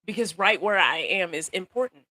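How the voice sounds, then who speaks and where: A young woman talks live on her phone to her viewers, chatty and encouraging, often laughing and repeating lines to drive a point home. Her voice is bright and sharp. The sound is dry and close, with no room echo. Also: fairly low pitch, normal speed. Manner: animated, laughs often, greets viewers by name, repeats phrases for emphasis. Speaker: livestream host. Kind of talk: casual motivational live stream talk.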